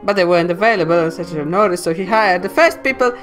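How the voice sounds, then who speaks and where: A woman voicing an excitable young noble lady who gushes in breathless chatter in a game playthrough. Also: fairly low pitch, quick pace, soft background music, voice pushed up, close to an everyday voice. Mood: excited.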